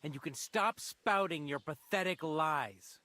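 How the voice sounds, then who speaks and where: Sneering village bully, video game, taunting, bright and animated, dry close recording. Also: male voice, a little high, unhurried, dry recording. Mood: mocking. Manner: mocking, taunting. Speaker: game character.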